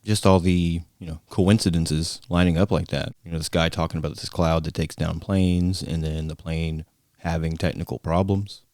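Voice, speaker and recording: Deep-voiced laid-back male reactor. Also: steady tone, moderate pace, a little mellow, no room sound. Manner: laid-back, lots of "man" and "dude". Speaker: host reacting to clips. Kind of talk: casual reaction commentary.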